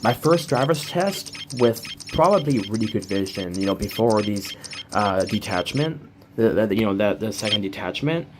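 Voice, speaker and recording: A man's voice: on the low side, lively intonation, normal speed, background noise. A man from the US telling a casual story in a rambling way, with many filler words and restarts. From United States. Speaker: game streamer. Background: music.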